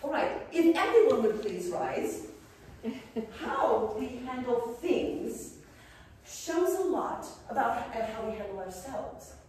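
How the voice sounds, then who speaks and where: Woman doing a living history etiquette lesson in character, prim but joking, lively up and down voice, really echoey room, picked up from far off. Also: on the high side, slow pace, a little hiss or hum. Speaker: costumed interpretive guide playing an academy headmistress. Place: large echoey room with a class. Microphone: far camera.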